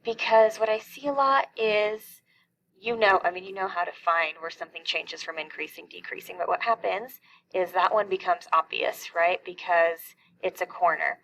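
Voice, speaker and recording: A woman's voice: on the low side, normal speed, vocal fry, a bit bright, low-quality recording. A middle-aged woman teaching a calculus lesson, explaining each step and asking questions that she then answers herself. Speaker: math teacher.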